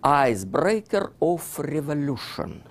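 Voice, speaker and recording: A Russian-accented man lectures in a hall, his broken English full of "you see" fillers. His voice is gravelly and swings widely in pitch as he tells his story over the slides. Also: sing-song, measured pace. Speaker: author giving a book talk.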